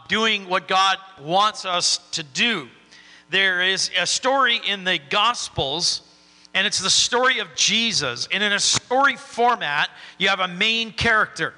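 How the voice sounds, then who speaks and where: A man's voice: sits high, sharp tone, long reverb tail. A man preaching a sermon in a folksy, encouraging way.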